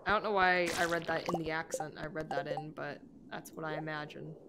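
A woman's voice: deep voice, level tone, fairly quick, heavy background noise. Playful giggly woman streaming a game. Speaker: gaming streamer. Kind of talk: casual live-stream chat while playing. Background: game music.

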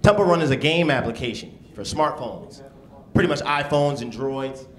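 A man performing a stand-up comedy set on a club stage, punchy and animated. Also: mid-range voice, moderate pace. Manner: deadpan then animated, punchy delivery. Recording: live club recording with crowd. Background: audience laughter.

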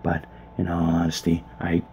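A man whispering gameplay commentary from a small closet, grumbling and swearing in a hushed voice. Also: deep voice, monotone, moderate pace, creaky. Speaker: let's player. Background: faint background noise.

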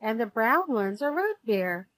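A woman's voice: on the high side, sing-song, a little slow, fairly bright tone, dry recording. Greedy boastful boy, read by a woman in a storybook, blunt.

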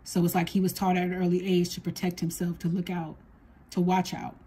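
A woman psychic medium giving a spoken reading to her viewers, talking softly and earnestly as she relays what a spirit tells her. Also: on the low side, monotone, a little fast, husky.

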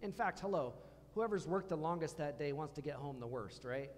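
A man's voice: medium pitch, a little fast, in a large hall, slight background noise. A man preaching a conversational sermon in a church, asking the congregation questions as he goes. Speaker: pastor. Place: church hall.

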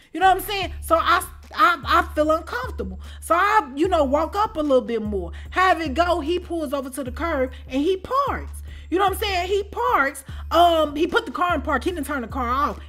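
A woman telling a personal story in a casual storytime chat. She talks in an animated way and keeps checking in with "you know what I'm saying?". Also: sits high. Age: adult with children. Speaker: storytime channel host.

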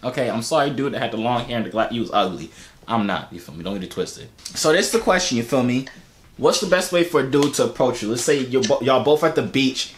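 A man's voice: mid-range voice, expressive, fast. A young man hosting casual video chats with strangers, slangy and teasing. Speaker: host. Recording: echoey, lightly noisy video-chat audio.

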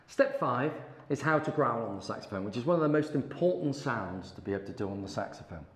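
A man's voice: mid-range voice, animated, fast talker. A middle-aged man teaching saxophone, chatty and encouraging as he demonstrates sounds to a student. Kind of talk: hands-on music lesson. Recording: roomy echo with faint background noise.

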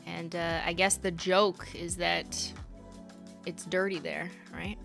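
A woman's voice: lowish voice, level tone, slow pace, gravelly, over music. A young woman chatting casually with her viewers while live-streaming a game, giggly and talkative. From Canada. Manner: chatty, giggly, talks to chat.

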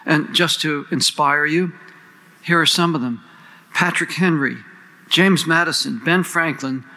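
Gravelly, bright-voiced man giving a formal speech. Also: a little high, low-quality recording. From United States. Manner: earnest, rhetorical, lists and questions. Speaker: panel moderator introducing speakers.

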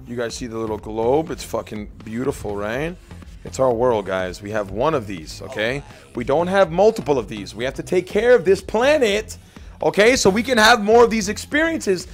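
A man hosting a gameplay video, brash and profane, joking and bursting into shouts. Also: medium pitch, lively intonation, normal speed, faint music behind. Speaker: gaming video host. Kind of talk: casual gameplay commentary.

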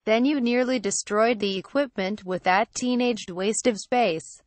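A woman's voice: a little high, a little slow, dry recording, natural voice. A woman voicing a scornful male alien overlord in a horror story reading, berating his servant.

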